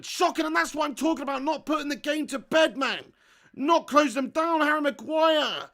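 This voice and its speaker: A man hosting a live football watch-along, reading viewer chat aloud, swearing freely and bursting into shouts at big moments. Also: very high voice, normal speed. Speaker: fan channel host. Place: home setup in front of a green screen.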